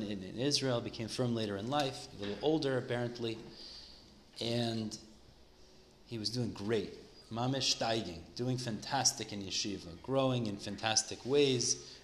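Casual male storyteller, mid-pitched, echoey room with a faint hiss behind. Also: a bit bright. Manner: conversational, sprinkled with Hebrew and Yiddish terms. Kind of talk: casual retelling of a religious story.

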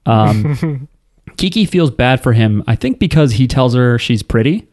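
A man's voice: mid-range voice, lively intonation, measured pace, darkish tone, dry recording, clean studio sound. Crude joking man recapping anime. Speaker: podcast co-host. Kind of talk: casual anime recap chat.

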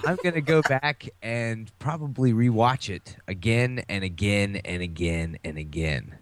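A man's voice: lowish voice, unhurried, no echo. A middle-aged man in casual podcast chat, ranting with profanity and laughter. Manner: animated, profane, laughing rants. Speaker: podcast co-host.

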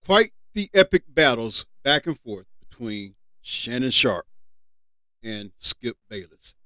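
A man's voice: mid-range voice, no echo. A man hosting a sports podcast, reading sports news and adding casual asides of his own. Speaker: podcast host.

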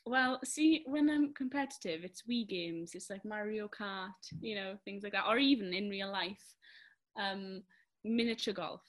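Woman, mid-pitched voice, learner co-host, giggly, tentative, casual lesson. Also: measured pace. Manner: laughs often, tentative when repeating words.

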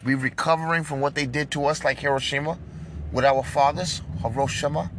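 A man in a car delivering an impassioned, preachy monologue, swinging between loud outbursts and low hushed lines. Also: steady tone, a little fast, noisy background.

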